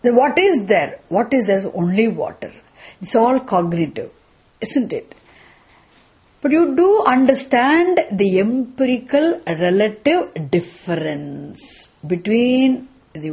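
A woman's voice: mid-range voice, darkish tone, breathy edge. A woman teaching a scripture class, asking questions and answering them herself, repeating the key phrases. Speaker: Vedanta teacher.

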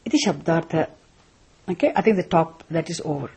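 A woman teaching a class on scripture, speaking deliberately and often checking in with "isn't it?". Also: deep voice, a little mellow. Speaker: Vedanta teacher.

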